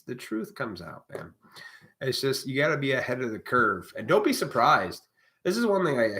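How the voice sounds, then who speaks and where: A man with a somewhat low-pitched voice rants on his own live stream. He talks casually but preaches hard, swearing freely as he lectures his viewers. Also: a bit bright. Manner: blunt, profane, preachy. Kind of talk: casual ranting monologue.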